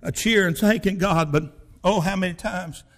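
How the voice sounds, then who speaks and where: A male pastor, telling a personal story in a sermon in a folksy, emphatic way that bursts into shouting. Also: sits high, moderate pace.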